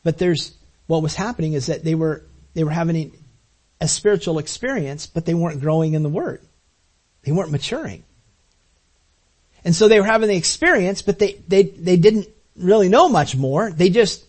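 Husky-voiced man preaching casually. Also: high voice, moderate pace. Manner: conversational, animated preaching with quoted asides. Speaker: pastor. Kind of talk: sermon.

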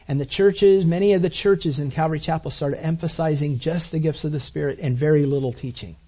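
A man pastor giving a conversational sermon, preaching with animated quoted asides. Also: on the high side.

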